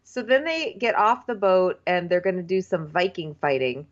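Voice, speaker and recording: Female co-host, low pitch, muffled lo-fi recording; blunt, casual, swears freely. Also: very animated, normal speed. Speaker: podcast co-host. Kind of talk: casual recap chat. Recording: dull lo-fi sound.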